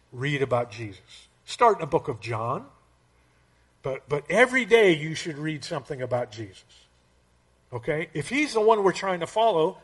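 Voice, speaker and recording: A man's voice: fairly high pitch, breathy edge. A man preaching a conversational sermon, often checking in with his listeners with "okay?" and "right?". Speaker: pastor.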